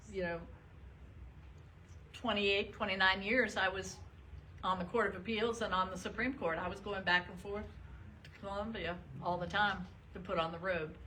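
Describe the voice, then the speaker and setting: An older woman from the northern United States speaks to an audience in a bright, clear voice. She is chatty and self-deprecating and laughs easily. A faint background noise runs under her words. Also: mid-range voice, steady tone, normal speed, low-quality recording. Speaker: retired state supreme court justice, guest speaker. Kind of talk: talk and audience Q&A.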